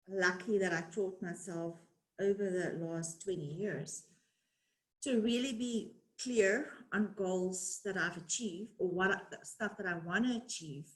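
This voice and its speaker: A woman's voice: fairly low pitch, a bit bright, poor audio. A woman from South Africa with a South African accent tinged with American, speaking casually and with laughter as a webinar guest. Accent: South African with some American. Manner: chatty, laughing, self-deprecating. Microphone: video call.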